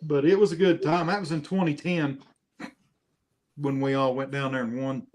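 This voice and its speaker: A man's voice: fairly high pitch, flat delivery, moderate pace, a little mellow. A man in a casual chat, talking in a folksy, rambling way.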